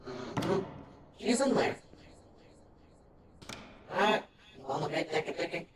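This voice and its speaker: A woman's voice: lowish voice, big pitch swings, slow pace, very noisy. A woman giving casual, chatty commentary while playing a horror game, explaining things on the side and swearing when annoyed. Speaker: game streamer. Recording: distant mic with loud game music.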